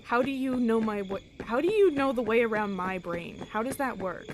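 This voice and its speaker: A woman streaming a video game live, reacting out loud, swearing, exclaiming and laughing as she plays. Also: fairly high pitch, lively intonation, moderate pace, noisy background. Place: home streaming setup. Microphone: desk microphone. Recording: loud game music over voice. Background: loud game music.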